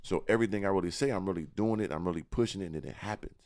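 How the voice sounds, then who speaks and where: A man's voice: low voice, very fast, darkish tone. A young man, a rapper guest on a podcast, talking about himself with boastful confidence and street slang. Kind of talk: casual interview talk.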